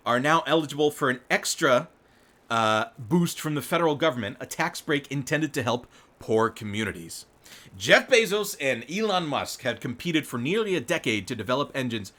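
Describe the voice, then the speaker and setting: A man's voice: medium pitch, sing-song, moderate pace, a bit bright. A man hosting live political commentary, reading news aloud and breaking in with rambling, swearing asides and frequent laughs. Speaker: show host.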